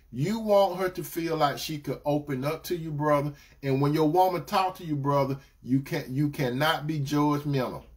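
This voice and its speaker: Preacherly man, fairly high voice. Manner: repetitive, preacherly, addresses brothers and sisters. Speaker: relationship teacher. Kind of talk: live-streamed preaching talk.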